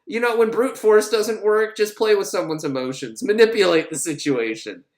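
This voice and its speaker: A man's voice: high voice, normal speed, roomy sound, poor audio. A man giving a casual, joking film recap, rambling and swearing, with lots of "like". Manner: rambling, profane, joking, full of "like". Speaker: film reviewer.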